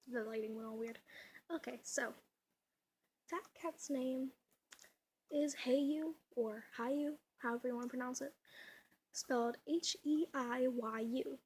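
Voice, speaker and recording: A woman's voice: on the high side, slow pace, long pauses, slight background noise. A young woman vlogging at home, chatty and giggly, rambling with lots of fillers, her voice a little off. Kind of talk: casual home vlog. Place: at home indoors. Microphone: camera mic.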